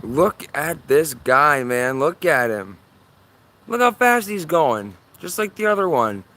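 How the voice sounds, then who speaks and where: A man streaming live outdoors from his yard on a phone camera. He comments on the sky in an urgent, excitable way and keeps repeating himself. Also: a little high, slow pace, slight background noise. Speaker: livestreamer.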